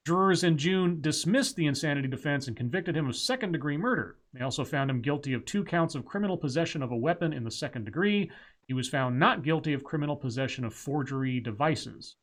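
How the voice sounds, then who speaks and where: Man, fairly high voice, podcast co-host, reads news aloud, wry asides. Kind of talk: casual news chat.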